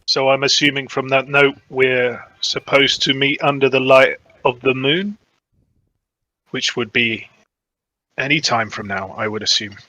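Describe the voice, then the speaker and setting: A man's voice: mid-range voice, steady tone, unhurried, pushed and bright, dry recording, poor audio. A man playing a tabletop role-playing game who talks in a speculative, matter-of-fact way. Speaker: player.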